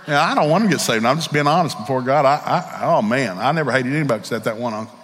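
A middle-aged Southern American man delivers a folksy, candid storytelling sermon, acting out the voices of his characters. His medium-pitched voice is animated, fast and a bit bright, trailing a long reverb tail.

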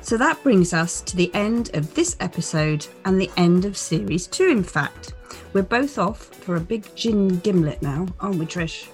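Middle-aged woman podcast host, low-ish voice, chatty and sympathetic. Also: animated, moderate pace, soft background music. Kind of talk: casual chat.

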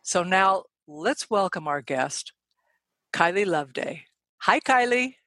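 A woman hosting a podcast, reading a guest introduction and then asking questions, eager and quick. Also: lowish voice, lively intonation, sharp tone, dry recording. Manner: enthusiastic, quick, admiring. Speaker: podcast host.

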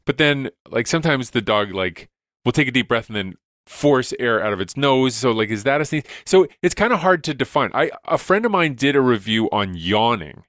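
A man's voice: medium pitch, very animated, normal speed, fairly bright tone, no echo, studio quality. A man, a science educator, explaining studies enthusiastically in a casual podcast chat, with lots of "like"s and restarts.

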